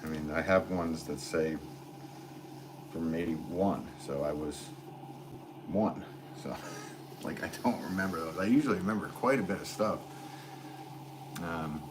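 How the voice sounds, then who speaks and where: Low-voiced American man chatting on a livestream. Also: a little slow, long pauses, background noise. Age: 40s. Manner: rambling, relaxed, filler-heavy talk with laughs. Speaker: potter streaming live. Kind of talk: casual livestream chat reading comments.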